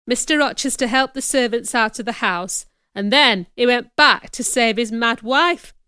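A woman's voice: fairly high pitch, moderate pace, sharp tone, smooth, dry recording, studio quality. A woman reading a plain-spoken innkeeper. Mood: grave. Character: old male village innkeeper, plain-spoken and calm.

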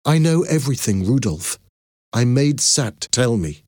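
A man's voice: mid-range voice, sing-song, measured pace, darkish tone, no echo, clean studio sound, pitched above the performer's own voice. A man voicing a tender, pleading young princess in an audiobook. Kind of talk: audiobook character voice.

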